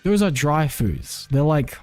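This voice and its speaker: A man's voice: on the high side, lively intonation, slow pace, darkish tone, no room sound. A man streaming and chatting casually, rambling with lots of "like" and frequent self-corrections. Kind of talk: casual live-stream chat.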